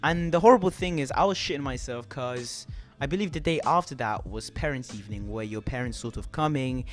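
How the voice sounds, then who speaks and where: A young man telling a rambling, animated story to camera, swearing often. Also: mid-range voice, a little fast, faint music behind. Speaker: vlogger.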